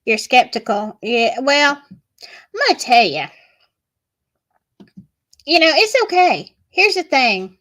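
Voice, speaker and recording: Southern woman streamer, slightly high voice, slow chatty storytelling. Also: very animated, pushed and bright. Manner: chatty, gossipy, reads chat aloud. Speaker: livestream host. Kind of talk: casual livestream chat.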